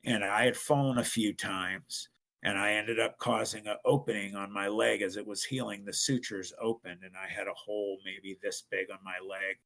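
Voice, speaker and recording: Middle-aged man, podcast guest, gravelly bright tone, emphatic storyteller. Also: on the low side, fairly even intonation, moderate pace. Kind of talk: telling a personal story.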